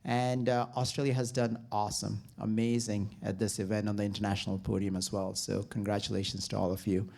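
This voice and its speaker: A man's voice: on the low side, little pitch movement, brisk, gravelly, hardly any pauses, darkish tone. Upbeat man giving a loose welcome speech. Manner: upbeat, loose, many fillers. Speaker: president of a sports federation.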